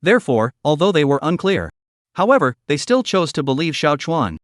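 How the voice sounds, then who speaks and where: A man narrating a fantasy comic story in scripted form, with steady storytelling delivery. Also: fairly high pitch, normal speed, no room sound, clean studio sound. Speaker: recap narrator.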